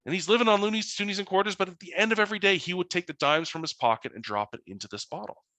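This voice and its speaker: A man's voice: high voice, racing, dry recording. A man, a financial educator telling anecdotes in an online webinar presentation. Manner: animated anecdotal storytelling.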